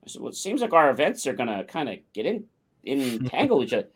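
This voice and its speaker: Talk show co-host, male, animated anecdote teller with swinging pitch. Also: quick pace, husky. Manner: animated anecdote with acted-out quotes. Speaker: podcast co-host. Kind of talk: casual storytelling.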